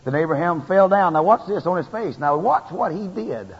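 A man preaching a sermon in a folksy, animated way, his emphasis rising and building as he goes. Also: high voice, normal speed, slightly rough. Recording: lo-fi tape with long hall reverb.

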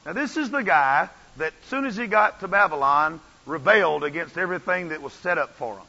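A man's voice: on the high side, lively intonation, brisk, gravelly, sharp tone. Fervent preacher man, echoing hall. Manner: impassioned, repetitive preaching cadence. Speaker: pastor. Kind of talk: sermon. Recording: dull audio with long church reverb.

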